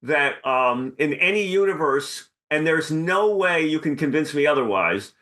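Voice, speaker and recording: A man co-hosting a comedy podcast, talking in an animated, rambling way with many restarts. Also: on the high side, measured pace. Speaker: podcast co-host. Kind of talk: casual comedy chat.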